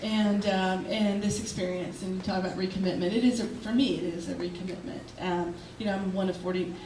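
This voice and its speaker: A woman's voice: medium pitch, fairly even intonation. Emotional Texan woman at a distant podium. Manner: emotional and halting, with fillers and restarts. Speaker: state legislator accepting an award. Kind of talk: unscripted acceptance speech. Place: banquet hall. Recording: echoey hall from far off with noise.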